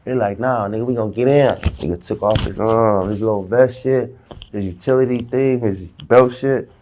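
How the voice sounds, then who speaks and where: A man's voice: mid-range voice, moderate pace, darkish tone, a little hiss or hum. A man in a casual interview, telling a story heavy with slang and acting out the dialogue himself. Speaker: interview guest.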